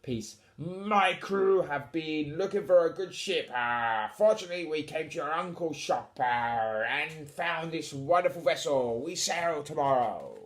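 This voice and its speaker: A man reading a storybook aloud and voicing a tiny, grand male pirate captain with a loud, hearty, theatrical bluster. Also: on the high side, animated, unhurried, hardly any pauses. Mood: boastful.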